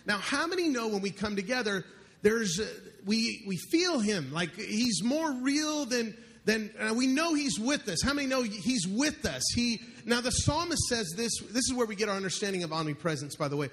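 A man's voice: high voice, big pitch swings, normal speed, fairly bright tone. A man preaching a sermon to a live congregation in church, joking and calling out questions to the crowd. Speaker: pastor.

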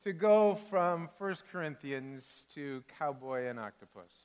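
Animated preacher in an echoing hall. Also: male voice, on the high side, measured pace, a little hiss or hum. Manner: animated, expressive storytelling. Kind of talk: sermon with storybook read-aloud.

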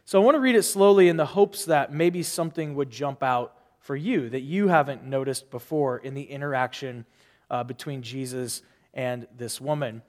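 A man's voice: mid-range voice, moderate pace, in a large hall. A man giving a sermon as pastor, talking in a loose conversational way full of fillers and restarts.

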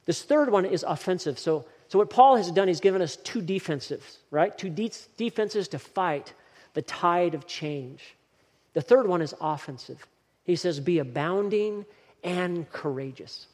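Emphatic preacher in a reverberant hall. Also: male voice, high-pitched, lively intonation, normal speed, a little mellow. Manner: emphatic, repeats short exhortations. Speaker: pastor. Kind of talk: sermon. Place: church sanctuary.

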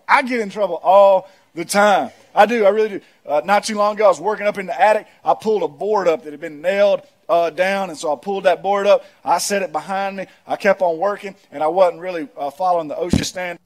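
A male pastor preaching a sermon in a church, telling humorous stories, leading the congregation in call-and-response and rising to shouts. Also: high voice, a little fast. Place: church auditorium.

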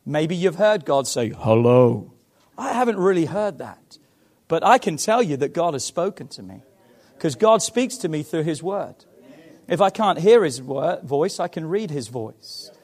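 A man preaching a sermon to his church, emphatic and swinging between loud calls and hushed passages. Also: high voice. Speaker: pastor.

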